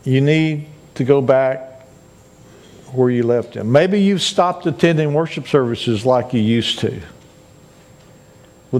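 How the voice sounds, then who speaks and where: A male pastor preaching a sermon, earnest and repeating his points to urge listeners. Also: fairly high pitch. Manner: earnest, repetitive exhortation.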